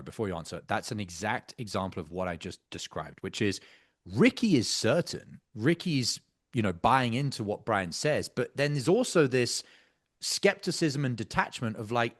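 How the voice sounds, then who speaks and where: A man's voice: on the low side, expressive, moderate pace. A man coaching sales closers, breaking down a practice call in an emphatic, intense way with casual swearing.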